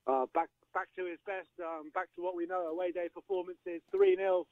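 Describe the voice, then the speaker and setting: Brief: male football fan caller, enthusiastic, higher voice, tinny phone line. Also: little pitch movement, moderate pace, no room sound. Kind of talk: casual phone-in chat.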